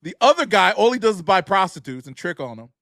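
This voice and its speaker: A young man with a notably high voice jokes and rants through a casual podcast chat, swearing freely and laughing at his own stories. The sound is close and dry, with no room around it. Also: fast talker, dry recording. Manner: loud, profane, laughing, animated storytelling. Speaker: podcast co-host.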